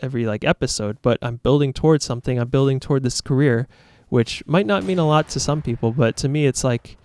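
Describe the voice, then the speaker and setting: A man's voice: medium pitch, quick pace, darkish tone, dry recording. Earnest, rambling male YouTuber. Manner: earnest, rambling and self-critical. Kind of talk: casual reflective monologue.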